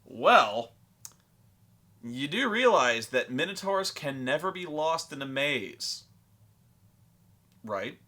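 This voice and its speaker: Cocky bully-ish teen gamer guy, a man putting him on, swaggering and sharp. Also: on the high side, big pitch swings, slow pace, long pauses, full character voice. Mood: smug. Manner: swaggering, taunting. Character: cocky teenage male player bullying creatures.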